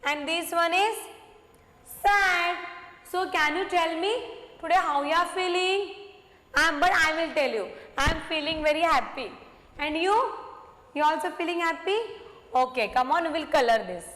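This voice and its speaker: High-voiced woman, slow kindergarten teacher, echoey roomy recording with long reverb. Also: a bit bright. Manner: slow, coaxing, repeats simple words. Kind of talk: worksheet lesson for young children. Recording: echoey room.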